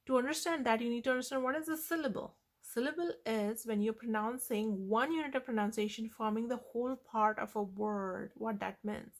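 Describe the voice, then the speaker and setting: A woman's voice: a little high, fairly quick, hardly any pauses. A woman teaching a phonics lesson on vowel sounds, explaining patiently and repeating the key points.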